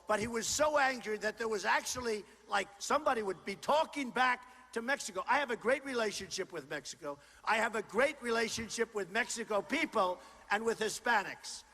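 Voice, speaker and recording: A man with a high, bright voice delivers a campaign rally speech through a stage microphone. He talks in punchy, repetitive, boastful bursts and often shouts to the crowd. The sound carries a long reverb from a large indoor hall, with a faint wash of crowd noise underneath. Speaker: political candidate. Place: large indoor university venue.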